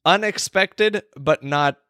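A man's voice: on the high side, slow pace, pushed and bright, dry recording, clean studio sound. A man co-hosting a casual podcast, teasing his friends and laughing often. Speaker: podcast co-host. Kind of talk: casual banter.

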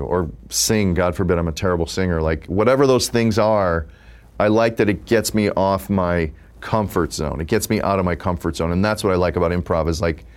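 Low-voiced man in his fifties, rambling. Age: 50s. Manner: relaxed, rambling with many "like" fillers. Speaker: improv comedian. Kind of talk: casual interview talk.

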